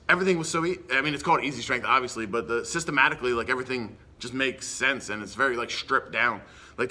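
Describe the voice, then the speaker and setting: A man, a strength coach guest on a podcast, talking gym training in casual, energetic slang. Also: medium pitch.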